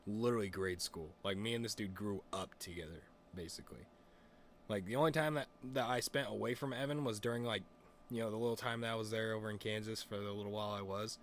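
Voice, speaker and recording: A man's voice: fairly low pitch, steady tone, quick pace, a little hiss or hum. A young man streaming and chatting casually, rambling with lots of fillers, restarts and swearing. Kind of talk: casual chat.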